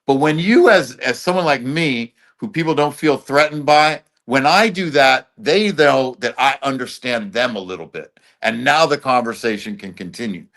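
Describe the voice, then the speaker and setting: A man's voice: medium pitch, expressive, moderate pace, few pauses, fairly bright tone. Blunt, profane man in casual chat. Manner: profane street slang, loose and blunt. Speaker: interview guest.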